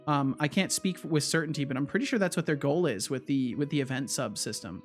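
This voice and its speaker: A man's voice: fairly high pitch, lively intonation, a little fast, few pauses, faint music behind. A man streaming as a game developer, chatting casually and thinking aloud with frequent restarts, easily startled. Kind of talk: casual live-coding chat.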